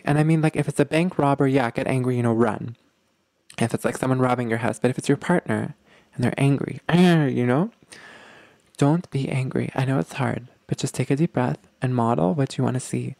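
A man hosts a casual podcast and talks straight to his listeners, earnest and informal. His voice sits at an ordinary middle pitch, and the recording is dry and close, with no room sound. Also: a little mellow, dry recording. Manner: earnest, addresses listeners as "guys", repeats words. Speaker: podcast host. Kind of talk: casual advice podcast talk.

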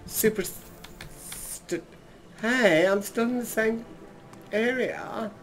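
A man's voice: high voice, extremely slow, faint music behind. Campy drag queen narrating gameplay. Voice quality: slightly husky. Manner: camp and theatrical, calls listeners darling. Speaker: drag queen gaming streamer. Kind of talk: casual gameplay commentary. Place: in a trailer.

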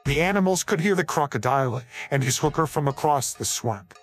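A man's AI-cloned voice giving deadpan scripted storybook narration full of crude jokes. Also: on the high side, brisk.

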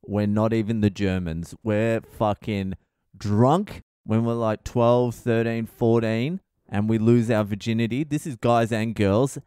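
A middle-aged Australian man hosting a comedy podcast, ranting in a rowdy, profane, animated way. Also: lowish voice, measured pace, smooth, no room sound, clean studio sound. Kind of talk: casual comedic monologue.

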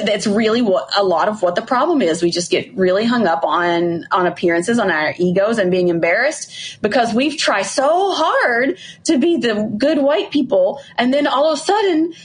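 A woman's voice: mid-range voice, slight background noise. A woman co-host on a casual podcast. She speaks frankly and candidly, often poking fun at herself. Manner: frank, candid, self-deprecating.

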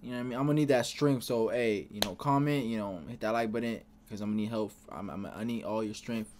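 A man's voice: on the low side, quick pace, a little mellow, slight background noise. A man hosting a casual comic reaction, talking loosely with slang and frequent swearing. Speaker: reaction channel host.

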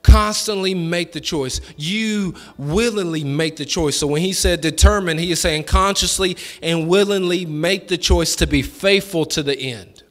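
A man preaching a sermon as pastor, with folksy, colloquial phrasing and call-and-response lines that build to fervent shouting. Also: on the high side, normal speed, hardly any pauses, long reverb tail. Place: church sanctuary.

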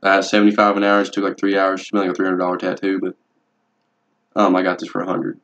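A man's voice: sits low, monotone, fast, a bit bright. A young man, rambling and swearing bluntly through a casual vlog about his tattoos. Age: young adult. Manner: profane, rambling, laid-back and blunt. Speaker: vlogger. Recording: dull lo-fi home video audio.

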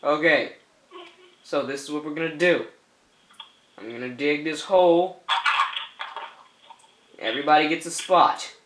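A high-voiced man narrates a gaming session in a slow, unhurried way, his tone bright and sharp. He teases his fellow players, laughs often and repeats goofy calls. The voice rings in a roomy, echoey space. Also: a little hiss or hum. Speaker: gameplay commentator. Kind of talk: playful let's-play commentary.

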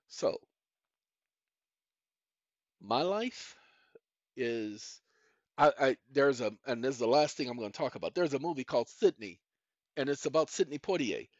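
Speaking in a mid-range voice, a middle-aged channel host wanders through a personal monologue aimed squarely at his viewers, returning again and again to "ladies and gentlemen." The audio is muffled, lo-fi, and has no room sound.

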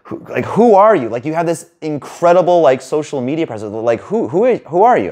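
A man working as a dating coach, talking fast and rambling in a casual monologue to camera, with some swearing. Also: mid-range voice, very animated, darkish tone. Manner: rapid, rambling, casual with profanity.

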